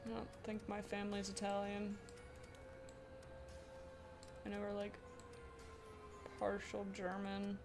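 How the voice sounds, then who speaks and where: A woman's voice: medium pitch, monotone, slow pace, pauses often, music in the background. A woman from Pennsylvania with a mixed Pennsylvania and Southern US accent, chatting casually and rambling on a drawing live stream, giggling often. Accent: mix of Pennsylvania and US Southern. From Pennsylvania, USA. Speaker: artist streamer.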